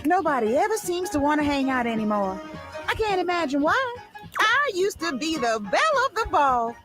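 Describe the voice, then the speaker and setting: Rainey, a jazzy flapper record player. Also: female voice, high-pitched, very animated, moderate pace, over music. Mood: wistful, breezy. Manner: old-timey jazzy patter. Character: flirty 1920s flapper record player woman. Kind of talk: video game voice acting.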